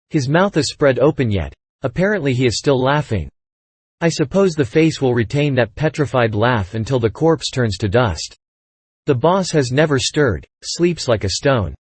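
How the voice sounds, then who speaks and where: A man narrating an audiobook in a measured, expressive storytelling manner on a close studio mic. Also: medium pitch, slightly rough, no room sound. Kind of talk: scripted narration.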